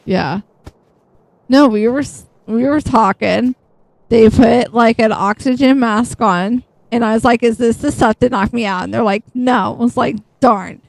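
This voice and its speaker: A woman's voice: fairly high pitch, normal speed, gravelly, darkish tone, dry recording, poor audio. A woman hosting a gaming channel, chatting bluntly and casually, acting out both sides of a conversation and swearing freely. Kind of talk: casual storytelling while gaming.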